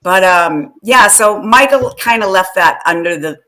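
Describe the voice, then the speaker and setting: A woman's voice: mid-range voice, animated, a little slow, bright, forceful tone. A woman co-hosting a casual live-stream chat, chatty and laughing, greeting viewers by name. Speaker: podcast co-host.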